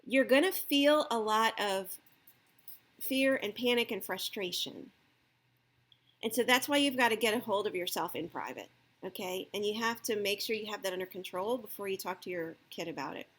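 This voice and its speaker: With a mid-range, somewhat bright voice at a moderate pace, a woman shares casual parenting advice to camera. She performs the parent's lines in a lifted voice and keeps checking in with listeners through frequent "okay?" and "right?".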